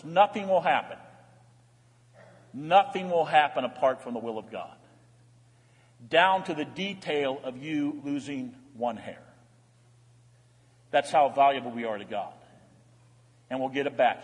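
An older pastor delivers a sermon in a large church sanctuary, his fairly high voice moving between hushed, intimate lows and excited peaks. He preaches warmly and animatedly with dramatic drops and rises, and a long church reverb trails his words.

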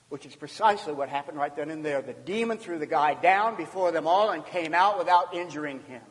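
Male pastor, measured, deliberate sermon delivery with emphatic loud-to-hushed swings, long hall reverb. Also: sits high.

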